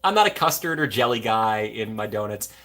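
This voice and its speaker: A man's voice: lowish voice, big pitch swings, fairly quick, sharp tone. A young man from Minnesota, hosting a livestream, chatting casually and going off on jokey tangents while reading viewer comments. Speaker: livestream host.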